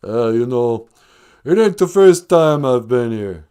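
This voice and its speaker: A man impersonating a laid-back, mumbling tough-guy boxer movie star, with a low, slurred drawl. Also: lively intonation, a little slow, warm tone, smooth, close to an everyday voice. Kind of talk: comedic impression.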